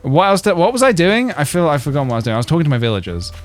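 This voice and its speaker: A man chatting on a game stream, wandering from joke to joke as he reads out his chat. His pitch rises and falls a lot. Soft game music plays faintly underneath. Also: big pitch swings, rapid-fire. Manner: rambling, joking asides, reading chat. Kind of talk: casual gaming stream chat.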